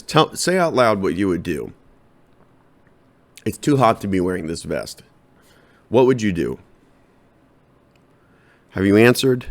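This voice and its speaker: A man with a very deep, low-pitched voice rambles through a comedic solo podcast monologue. His delivery is deadpan and loose, and he addresses his listeners directly. He talks into a podcast microphone. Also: moderate pace, pauses often.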